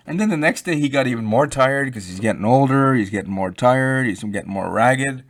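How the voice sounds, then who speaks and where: A man's voice: mid-range voice, a little fast, few pauses. A man giving rambling, emphatic, unscripted commentary, addressing viewers directly. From Canada. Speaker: YouTube crypto commentator.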